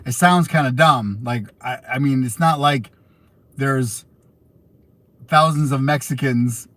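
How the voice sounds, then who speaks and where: A man's voice: mid-range voice, takes it slowly, fairly bright tone. A young American man chatting casually on a livestream, answering viewer questions in a rambling way full of fillers and restarts. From United States. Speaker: livestream host.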